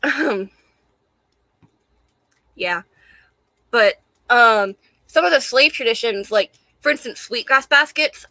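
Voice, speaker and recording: Young woman, light Charleston Southern accent, high-pitched, sharp, profane, laughing, winded, dry close sound. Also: no echo. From Charleston, South Carolina. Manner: profane, laughing often, rambling and emphatic. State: hot and a bit out of breath. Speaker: vlogger. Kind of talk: casual rant to camera.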